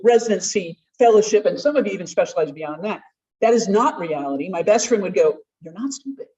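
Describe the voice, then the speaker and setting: A woman speaking to a conference audience, lively and conversational, acting out quoted voices and laughing often. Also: medium pitch. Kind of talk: conference talk. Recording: distant, dull room mic.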